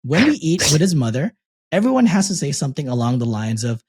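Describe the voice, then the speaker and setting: Husky man reading a story aloud. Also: fairly high pitch. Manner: reads the post aloud in a steady, measured voice. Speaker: podcast co-host reading a story. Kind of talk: casual podcast chat.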